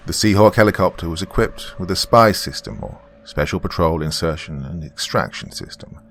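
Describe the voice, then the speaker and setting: A man with a remarkably low, bass voice narrates a first-person horror tale. His delivery is grave and measured, the way a storyteller paces a tense account. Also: expressive, slight background noise. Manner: grave, measured storytelling with shouted quoted lines.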